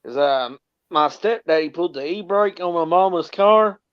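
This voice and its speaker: Man with a fairly high voice, rambling and drawling, on dull lo-fi audio. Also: normal speed, smooth.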